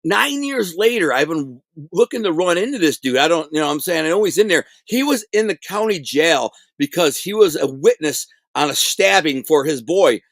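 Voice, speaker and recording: A middle-aged man telling prison stories in a casual interview, animated and streetwise, full of slang and acted-out quotes. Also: a little high, normal speed, hardly any pauses, dry recording.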